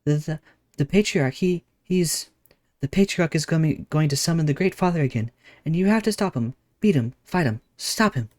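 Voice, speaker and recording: A man's voice: on the high side, expressive, normal speed, darkish tone, close to an everyday voice. A man voicing a small, frightened kobold boy in a game, pleading with repeated words.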